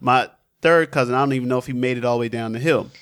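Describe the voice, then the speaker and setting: Male co-host, mid-pitched voice, meandering anecdotal delivery. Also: very fast, fairly bright tone, clean tone. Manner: rambling anecdotes with many "you know" fillers. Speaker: podcast co-host. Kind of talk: casual storytelling chat.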